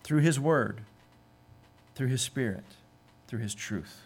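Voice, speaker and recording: A man's voice: mid-range voice, slow pace, gravelly, slight background noise. A man preaching a sermon in an earnest way, sometimes acting out the voices he quotes. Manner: earnest, acts out quoted voices with sudden lifts. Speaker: pastor.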